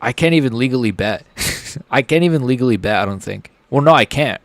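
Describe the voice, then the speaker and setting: A young man hosts a livestream, reacting to a fight live in a rambling, excitable way, swearing as he swings from mumbles to shouts. His mid-range voice moves briskly, with no room sound on the recording.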